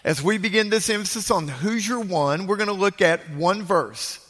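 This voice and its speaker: A man's voice: high voice, moderate pace, fairly bright tone. A man preaching a sermon as pastor to a large congregation, emphatic and repeating his key phrases. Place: large church sanctuary. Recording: reverberant church sanctuary.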